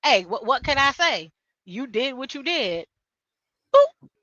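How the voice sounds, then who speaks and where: A woman's voice: high-pitched, animated, normal speed, pushed and bright, no echo. A woman panelist on a live stream, sassy and teasing, with emphatic slang, heard over dull lo-fi call audio. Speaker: regular panelist. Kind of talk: casual live-stream chat.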